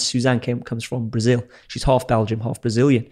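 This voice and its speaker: A man's voice: medium pitch, flat delivery, a little fast, hardly any pauses, a little mellow. A young man, an explorer, telling a story casually and animatedly, swearing freely and acting out what people said. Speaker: explorer telling his adventures as a guest.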